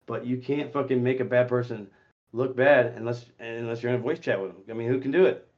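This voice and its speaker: A man hosting a voice chat stream, talking in a profane, confrontational way that swings between muttering and shouting. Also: mid-range voice, steady tone, fairly quick, lo-fi sound. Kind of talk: heated casual voice chat.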